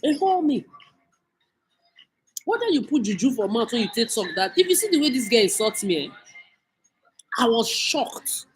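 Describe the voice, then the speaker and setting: A woman's voice: fairly high pitch, very animated, normal speed, pauses often, soft background music, rough recording. Nigerian woman vlogger, furious scolding rant with a lot of swearing. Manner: cursing, scolding, mixes in Pidgin. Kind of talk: angry rant monologue.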